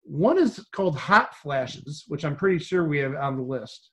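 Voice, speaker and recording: A man's voice: fairly high pitch, big pitch swings, normal speed, a bit bright. A man co-hosting a casual podcast chat, making wry joking asides. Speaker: podcast co-host. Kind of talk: casual chat about old TV.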